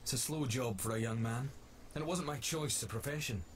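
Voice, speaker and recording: A man's voice: mid-range voice, brisk, natural voice. An actor playing a young male innkeeper who dreams of being a writer, speaking in an earnest, wistful way. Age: young adult. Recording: steady background noise.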